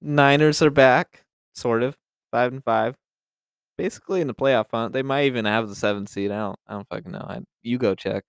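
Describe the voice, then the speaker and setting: Co-hosting a football podcast, a young man talks sports in a loose, profane way, often restarting his sentences. His medium-pitched voice is smooth, clear and brisk, recorded close and dry with no room sound.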